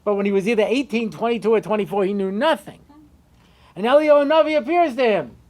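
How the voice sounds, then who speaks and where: A male rabbi giving a storytelling Torah lecture, conversational with lots of asides. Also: quick pace. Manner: conversational, many asides and "you know"s; animated, shifting pitch and loudness.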